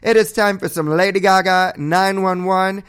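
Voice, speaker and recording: A man hosting a morning show, talking in a slightly high voice. He gushes and whoops, piling on thanks and affection for his listeners. His delivery stays upbeat, chatty and effusive. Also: steady tone, normal speed, a bit bright, clear, resonant tone. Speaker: podcast host. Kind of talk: upbeat show sign-off chat.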